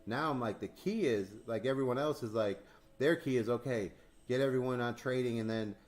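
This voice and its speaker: A man hosting a crypto stream in casual chat, telling animated stories, acting out dialogue, swearing and laughing often. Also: medium pitch, a little fast.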